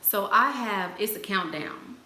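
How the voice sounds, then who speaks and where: On a livestream, a sassy woman laughs as she answers her chat in casual conversation, using playful slang. Her medium-pitched voice is expressive, bright and forceful, at a measured pace. The recording has an echoey room sound and faint noise.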